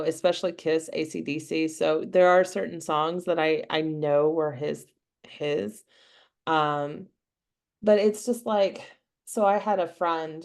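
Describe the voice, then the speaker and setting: Low-voiced woman, rambling chat. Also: vocal fry, darkish tone. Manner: rambling storytelling with many fillers. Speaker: guest. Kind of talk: casual chat. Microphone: video call.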